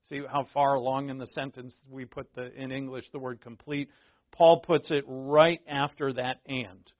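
A man teaching through a Bible passage in a relaxed, conversational way, explaining terms plainly and often restarting his sentences. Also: medium pitch, moderate pace, no room sound, lo-fi sound. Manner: conversational and digressive, with frequent restarts.

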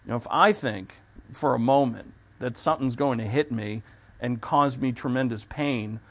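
A man's voice: mid-range voice, normal speed. A man preaching a sermon in a conversational way, stopping and restarting his sentences as he explains a scripture.

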